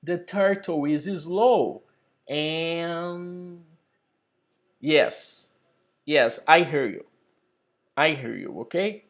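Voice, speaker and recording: A man teaching an English lesson over a video call, slow and deliberate, building up example sentences. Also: fairly high pitch.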